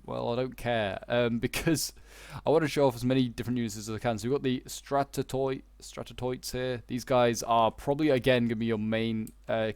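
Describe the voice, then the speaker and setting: A young man with a Yorkshire accent talks through a strategy game in a loose, meandering way, stopping often for "uh" and "like". His voice is smooth and resonant, recorded close and dry with no room sound, at an ordinary middle pitch. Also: dry recording. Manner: rambling, hesitant, many fillers and restarts. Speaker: gaming YouTuber. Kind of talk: casual gameplay commentary.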